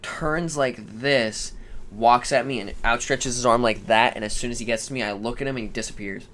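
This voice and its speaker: A man's voice: medium pitch, moderate pace. A young man co-hosting a podcast, telling stories in a casual way, cursing and acting out the voices of people in them. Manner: animated, swearing, acts out quoted voices. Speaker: podcast co-host. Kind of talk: casual storytelling chat. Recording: faint background noise.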